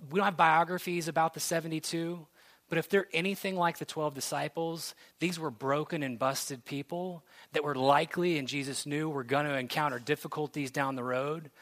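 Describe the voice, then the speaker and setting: Bright-voiced man preaching a sermon. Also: fairly high pitch. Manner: conversational, earnest, builds to excitement. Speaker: pastor.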